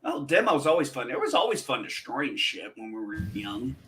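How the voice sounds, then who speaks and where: A man's voice: mid-range voice, big pitch swings, normal speed, bright, forceful tone. A man hosting a casual chat, telling rambling stories and swearing freely. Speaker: podcast host.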